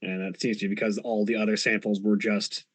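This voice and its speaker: A man player at an online tabletop game adding measured clarifying remarks. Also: lowish voice, level tone, no room sound. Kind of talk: casual chat at a game table.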